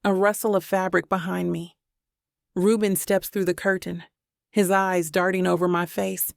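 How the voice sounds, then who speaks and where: A woman reading a romance audiobook as a steady first-person narrator. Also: on the low side, moderate pace, gravelly, no echo, clean studio sound.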